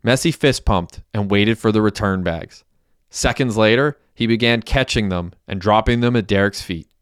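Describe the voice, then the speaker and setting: Low-voiced, resonant male audiobook narrator. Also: moderate pace, smooth, no room sound, studio quality. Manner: steady, plain storytelling.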